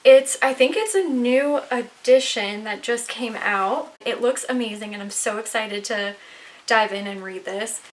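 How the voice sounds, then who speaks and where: Young woman rambling excitedly about her haul, kinda breathless, higher voice, slight background hiss. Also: measured pace. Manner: chatty, excitable, rambling with fillers. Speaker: vlogger. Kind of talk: casual show-and-tell haul video. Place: home, indoors.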